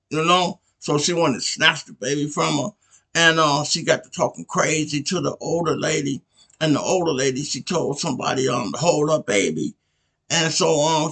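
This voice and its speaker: A man with a gravelly, bright-edged voice, a touch higher than most men. He hosts a podcast and tells a story casually, rambling and often checking in with the listener. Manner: rambling, conversational, many "you know what I'm saying" asides. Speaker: podcast host.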